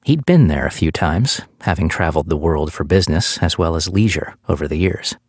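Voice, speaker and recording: A man reading an audiobook in steady, scripted narration on a close studio mic. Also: very deep voice, brisk, slightly rough, no echo.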